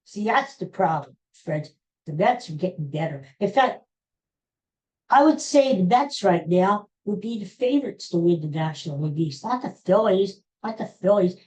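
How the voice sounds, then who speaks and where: A woman's voice: on the low side, animated, moderate pace, darkish tone, low-quality recording. A woman hosting a podcast, delivering an exasperated, sarcastic solo sports rant. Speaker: podcast host.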